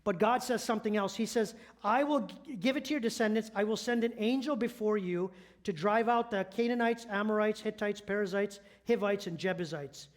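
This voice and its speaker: A man's voice: high voice, a little fast. A middle-aged man, a church elder, preaching a sermon in an earnest storytelling manner and sometimes correcting himself mid-sentence.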